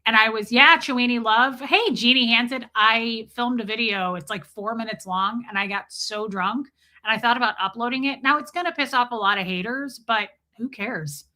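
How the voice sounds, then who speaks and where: A woman's voice: fairly high pitch, normal speed, bright, forceful tone. A woman hosting a casual live stream, chatting loosely with viewers, greeting them by name and swearing freely.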